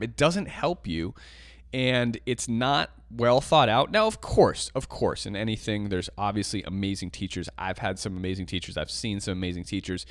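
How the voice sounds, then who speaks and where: A man's voice: medium pitch, no room sound, studio quality. A man hosting a podcast, talking about teaching jazz piano in an emphatic, impassioned monologue that circles back and repeats itself. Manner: passionate, emphatic, ranting with repetitions.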